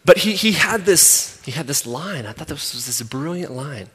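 A man in his thirties preaching a sermon, emphatic and repetitive, swinging from loud to soft. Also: on the high side, expressive, normal speed, slightly rough. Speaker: pastor. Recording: long hall reverb.

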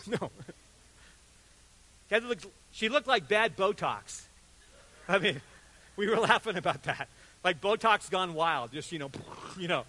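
Older guy preaching, high bright voice, acts out the quotes in his stories. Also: measured pace, long pauses, poor audio. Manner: animated storytelling, acts out quotes with sudden loud and soft turns. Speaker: pastor. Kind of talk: sermon.

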